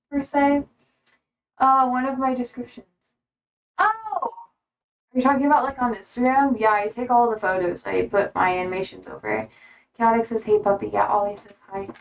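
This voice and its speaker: A young woman chats slowly and casually on a live stream, her high voice sitting a little back from the mic. She laughs easily and talks to her viewers like friends. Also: fairly bright tone, far from the mic, low-quality recording. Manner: chatty, laughs often, coos at her dog. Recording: voice from away from the mic.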